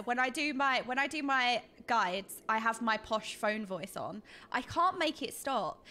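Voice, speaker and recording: A woman streaming a game, chatting casually in a rambling, animated way that repeats points as she goes. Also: high-pitched. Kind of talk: casual stream chat while gaming.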